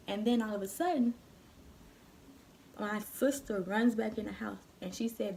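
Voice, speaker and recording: A young woman telling a story on her vlog, animated and profane, full of slang. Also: medium pitch, moderate pace, creaky, pauses often, slight background noise. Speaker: vlogger.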